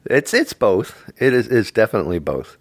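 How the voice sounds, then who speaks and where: A man's voice: lowish voice, very animated, moderate pace, no room sound. A middle-aged man co-hosting a casual religious podcast, rambling and jokey, stumbling over repeated words. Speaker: podcast co-host.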